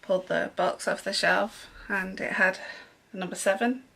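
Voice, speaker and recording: A woman's voice: medium pitch, steady tone, normal speed, vocal fry, bright, forceful tone. A young woman chatting casually in a sewing haul vlog, rambling along with frequent ums. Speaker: sewing vlogger.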